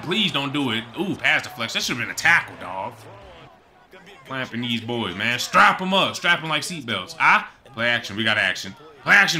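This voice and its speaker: Hyped young gamer man shouting. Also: mid-range voice, expressive, fairly quick. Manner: hypes himself up, bursts into shouting and sing-song bragging. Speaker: gaming YouTuber. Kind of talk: excited live game commentary.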